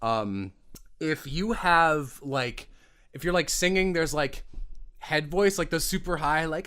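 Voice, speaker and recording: A man hosting a casual chat about voice acting, animated and breaking into demo voices, his voice tired after a long day. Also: on the high side, takes it slowly, clear, resonant tone. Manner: animated, demonstrates voices mid-sentence. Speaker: podcast host.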